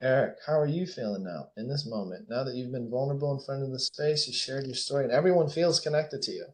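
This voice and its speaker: A man leading a group coaching workshop, guiding reflection in a soft, slow, hushed voice, blunt and swearing freely. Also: medium pitch. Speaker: workshop leader and life coach. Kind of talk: guided group coaching session.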